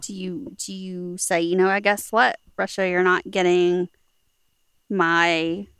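A woman co-hosting a casual podcast, telling things in an offhand, relaxed way. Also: fairly low pitch, slow pace, clear, resonant tone, no room sound, studio quality. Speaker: podcast co-host. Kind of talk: casual chat.

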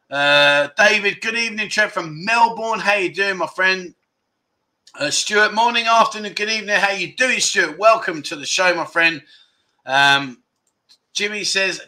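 A man with a fairly high voice and a very bright, sharp tone hosts a casual livestream. He reads out viewer messages one after another and answers with relaxed, jokey banter, calling people mate. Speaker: livestream chat show host.

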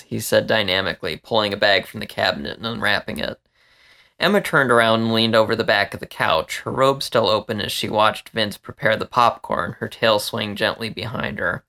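Man, story reader, steady narration, gravelly, bright. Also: fairly low pitch, a little fast. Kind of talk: reading an erotic furry story aloud.

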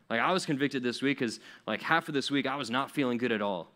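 A man's voice: mid-range voice, fast, bright, forceful tone. A young man giving a casual, conversational sermon to teenagers as a youth pastor, acting out grumbling quotes with fillers and restarts. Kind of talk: sermon to teens.

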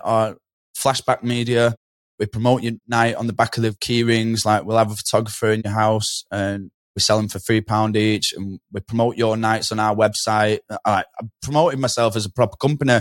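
A man's voice: fairly low pitch, steady tone, fairly quick, no echo, clean studio sound. A man, a podcast guest telling a story in a casual, slangy way and acting out the voices of people he quotes.

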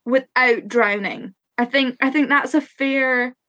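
A woman's voice: high-pitched, slow pace, a bit bright, no echo, dull audio. A woman improvising an overconfident actress who rambles in stammering questions. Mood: flustered. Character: overconfident dramatic female actress, nervous questioning. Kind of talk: improv comedy scene.

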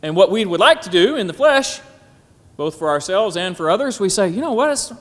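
A man preaching a sermon at a symposium, often pausing on "Amen" and building to emphatic, climbing phrases. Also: high voice, lively intonation, a bit bright. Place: hall at a symposium. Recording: echoey hall.

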